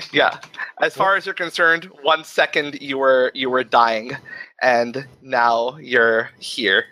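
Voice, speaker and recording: A man's voice: mid-range voice, fairly even intonation, slow pace, sharp tone, a little hiss or hum, poor audio. A man narrating as game master of a tabletop game over voice chat, rambling with fillers.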